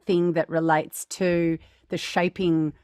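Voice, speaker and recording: A woman's voice: lowish voice, flat delivery, slow, a little mellow, clear, resonant tone, no room sound, studio quality. A woman co-hosting a podcast as a voice teacher, explaining ideas carefully and hedging with "you know" and "like". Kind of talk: casual chat.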